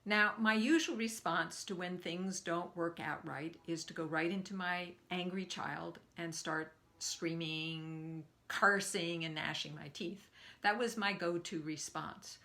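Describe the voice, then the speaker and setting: Older woman, speaking coach, bright lowish voice, storyteller who acts out quotes. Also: steady tone, a little slow. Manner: warm storyteller, acts out quotes with big pitch jumps. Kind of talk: live online training Q&A with storytelling.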